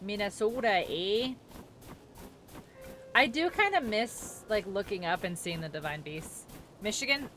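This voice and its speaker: A woman's voice: medium pitch, sing-song, normal speed, bright, forceful tone, soft background music. A woman streaming a video game, chatting casually and reacting aloud as she answers her chat. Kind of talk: casual gameplay commentary.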